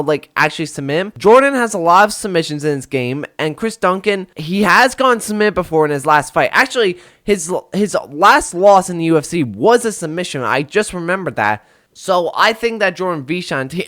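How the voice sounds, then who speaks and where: A young man with a high-pitched, fairly bright voice hosts a casual solo video predicting fights. He rambles, filling his talk with fillers and self-corrections.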